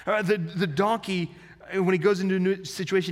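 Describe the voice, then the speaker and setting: A man preaching in a church, chatty and animated, poking fun at himself as he goes. His voice sits a bit high. The sound carries a long reverb from a large sanctuary. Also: a little fast, slightly rough. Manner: animated, self-mocking, conversational preaching. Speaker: pastor. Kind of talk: sermon with storytelling.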